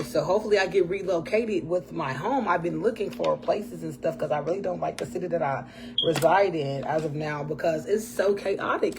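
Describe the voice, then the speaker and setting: A woman hosting her own podcast alone, chatting casually about faith in a rambling way, often clearing her throat and with a voice that often sounds strained. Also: lowish voice. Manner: churchy phrases, talks to absent guest. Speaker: podcast host.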